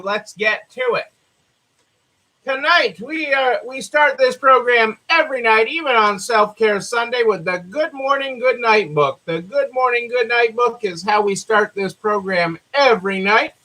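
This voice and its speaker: A man's voice: very high voice, pushed and bright, rough recording. A man with a Southern American accent hosting a live stream, talking casually, repeating phrases, with many fillers. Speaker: host.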